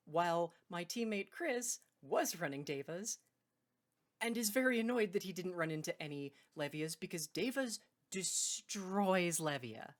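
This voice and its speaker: A woman's voice: on the low side, animated, moderate pace. A woman hosting a card game video, talking in a loose, rambling way and correcting herself mid-sentence. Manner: rambling, self-correcting, laughs between points. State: hiccuping. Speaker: card game video host and tournament judge. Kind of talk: casual unscripted video intro.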